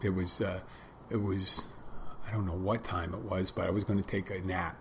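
A man in his twenties with a fairly low voice recounts a personal story in a loose, casual way. He stops and restarts often, slipping into quoted back-and-forth as he goes. A faint background noise sits under the recording. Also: flat delivery, moderate pace, fairly bright tone. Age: 20s. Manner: rambling, self-interrupting storytelling with quoted dialogue.

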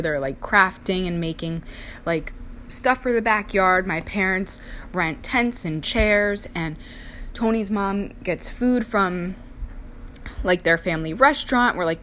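Over a slight hiss or hum, a young woman with a fairly bright, mid-range voice chats indoors between sips of coffee. Her personal story comes out casual and full of "like" fillers, and she acts out the voices she quotes.

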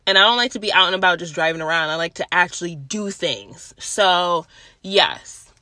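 Loud, outspoken young woman, casual solo podcast chat, bright tone. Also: fairly low pitch, expressive, normal speed, no echo. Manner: blunt and chatty, swears freely. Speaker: podcast host. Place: at her workplace.

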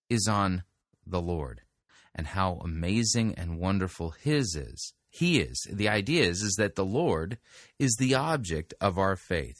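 Host, male, low voice, very animated delivery, dry close sound, punches key words. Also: no echo. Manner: animated, emphatic, stresses single words. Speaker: podcast host and sermon critic. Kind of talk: critical commentary with scripture reading.

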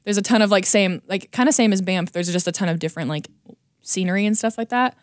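A woman's voice: mid-range voice, quick pace, no echo, studio quality. A young woman guest on a podcast, chatting casually, giggling and rambling as she talks. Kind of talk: casual chat.

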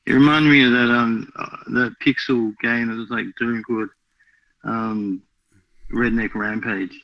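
Australian man, gravelly voice, hesitant and halting, on a dull, dry lo-fi mic. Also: mid-range voice, steady tone, no room sound. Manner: halting, hesitant, many restarts. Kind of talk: casual chat.

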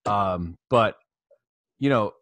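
A man's voice: fairly low pitch, extremely slow, fairly bright tone, no room sound. A man co-hosting a podcast, joking in a loose, offhand and profane way. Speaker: podcast co-host. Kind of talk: casual podcast chat.

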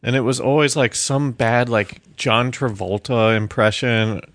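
A man's voice: mid-range voice, steady tone, a little slow, a bit bright, no echo. A man co-hosting a podcast in casual chat, loose and laughing, with a lot of swearing. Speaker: podcast co-host.

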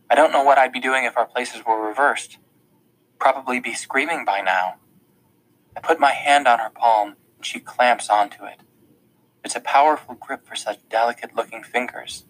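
A man's voice: medium pitch, a bit bright, breathy edge, poor audio. A man reading a first-person audiobook in an earnest, tense storytelling manner. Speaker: audiobook narrator.

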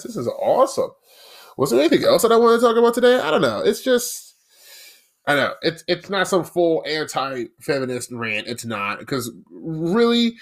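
Ranting young man, a bit high-pitched. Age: young adult. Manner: ranting, sarcastic, with frequent restarts. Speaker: podcast host. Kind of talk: casual solo podcast monologue.

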